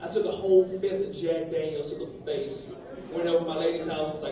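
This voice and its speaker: A young man doing a rambling, crude stand-up set on a comedy club stage, swinging between loud bursts and low mutters. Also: steady tone, quick pace, far from the mic. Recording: echoey club room heard from afar, crowd noise. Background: audience laughter.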